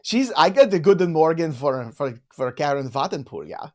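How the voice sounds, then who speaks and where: A man with a rather high, very animated voice hosts a live fantasy football show. He banters with his co-host and reads out viewer questions in a lively way. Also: moderate pace. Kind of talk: live sports chat show.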